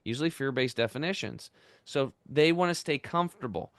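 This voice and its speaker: A man in his fifties, a podcast guest, telling his story in an energetic, animated way. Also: medium pitch, a little fast, no room sound. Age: 50s. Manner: energetic, animated, acts out quoted voices. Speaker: podcast guest, health entrepreneur. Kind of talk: casual storytelling interview.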